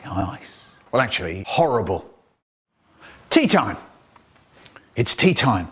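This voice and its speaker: This children's poet and storyteller has a husky, sing-song voice at medium pitch and takes his time. He performs comic poems and stories theatrically, full of playful mock voices and exaggerated timing.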